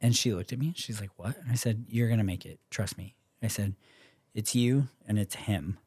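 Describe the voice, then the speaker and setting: A man's voice: fairly low pitch, normal speed, darkish tone, slightly rough, no room sound. A young Canadian man, a podcast guest, telling a story in casual chat, acting out quoted voices and swearing freely.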